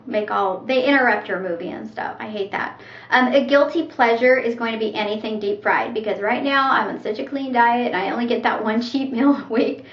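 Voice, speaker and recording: Chatty middle-aged woman, echoey lo-fi room. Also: fairly high pitch. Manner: chatty, rambling, laughs often. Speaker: YouTube vlogger. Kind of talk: casual chat. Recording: echoey room, dull lo-fi sound.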